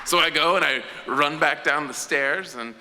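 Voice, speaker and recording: A man telling a true story live on stage in an animated way, acting out the other voices. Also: on the high side, normal speed. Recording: echoey hall with faint noise.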